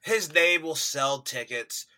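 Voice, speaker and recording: Brief: lively podcast co-host, man, very bright and somewhat high, jumps around in pitch. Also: takes it slowly. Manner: animated, laughs often, mimics actors with loud outbursts. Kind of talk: casual movie review chat.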